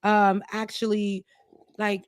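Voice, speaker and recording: A woman's voice: mid-range voice, completely flat delivery, takes it slowly, smooth, no echo, studio quality. A woman co-host telling stories in casual chat, with laughs and quoted voices. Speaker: show co-host.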